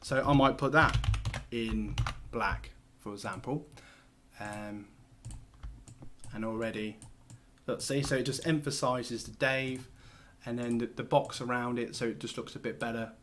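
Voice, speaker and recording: A man's voice: medium pitch, steady tone, measured pace, long pauses, a bit bright, slight background noise. A man hosting a casual screen-share tutorial, talking loosely with lots of fillers and restarts as he works. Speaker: host.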